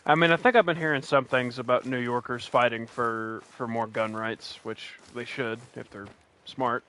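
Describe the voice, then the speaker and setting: This man's medium-pitched voice is smooth with a sharp edge, his intonation fairly even and his speed normal. He's from West Virginia, speaking with its accent, and rambles jokingly through casual commentary on a streamed hunting game, often restarting.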